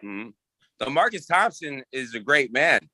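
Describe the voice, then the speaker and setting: A man's voice: medium pitch, sing-song, measured pace, sharp tone, dry recording. A man trading brash, profane, boastful trash talk as an arm wrestling guest on a casual chat show.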